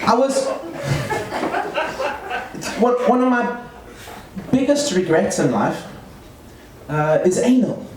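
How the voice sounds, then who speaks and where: At an open mic in a comedy club, a man in his thirties with a South African accent does stand-up in a high, very animated voice, speaking slowly with long pauses. His set rambles, and he interrupts himself with many fillers and restarts. The echoey room mic is distant, picking up background noise and crowd laughter.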